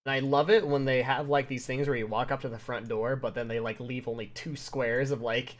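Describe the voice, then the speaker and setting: A man's voice: mid-range voice, steady tone, fairly quick. A man running a tabletop game on stream, rambling with lots of fillers and fighting off hiccups. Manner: rambling, many fillers, laughs often. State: has the hiccups. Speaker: game master.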